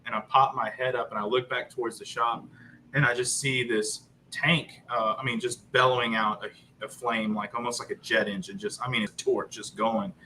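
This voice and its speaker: A man in his thirties, a guest on a live chat show, telling a story in an animated, joking way with lots of fillers. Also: mid-range voice, normal speed, slight background noise, poor audio. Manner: joking, upbeat about a grim story.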